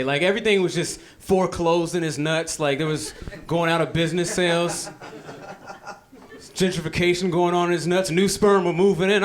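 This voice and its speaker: A man's voice: high-pitched, fairly even intonation, normal speed. A man performing stand-up comedy, telling stories in a loose, conversational way. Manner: loose, conversational storytelling with repetition.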